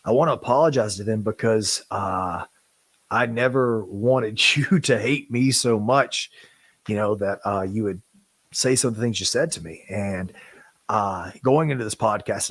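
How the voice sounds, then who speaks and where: Husky low-voiced man, halting and earnest. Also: fairly bright tone, no echo. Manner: earnest, halting, with many restarts; apologetic. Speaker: podcast co-host. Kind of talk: emotional podcast statement.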